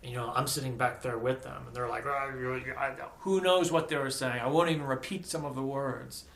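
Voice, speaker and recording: An American man telling a personal story in a casual, animated way, acting out the voices of the people he quotes. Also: medium pitch, a little fast, gravelly, slight background noise. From United States. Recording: echoey room.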